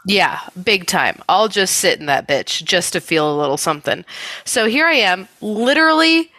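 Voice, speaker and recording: A woman's voice: medium pitch, lively intonation, moderate pace, bright, forceful tone, dry recording. A young woman co-hosting a podcast, telling stories in a profane, laughing, casual way. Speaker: podcast co-host. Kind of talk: casual chat.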